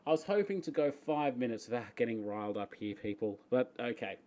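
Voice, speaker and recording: A man's voice: medium pitch, lively intonation, fairly quick, a little mellow. Chatty Australian man hosting a live stream. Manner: chatty, greets viewers by name, laughs often. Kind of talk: casual live-stream Q&A chat. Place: home, upstairs room.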